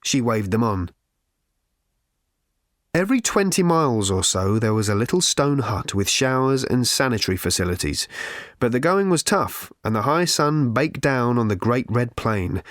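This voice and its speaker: A man narrating an audiobook in a measured, wry storytelling manner. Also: medium pitch, lively intonation, no echo, clean studio sound. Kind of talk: scripted narration.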